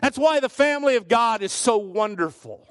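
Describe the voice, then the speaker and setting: A male pastor delivers a sermon in a high, earnest voice, sinking low on the words he wants to stress. The recording is dry and close, with no room echo. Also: lively intonation, normal speed. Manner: earnest, varies pitch widely, drops low for emphasis.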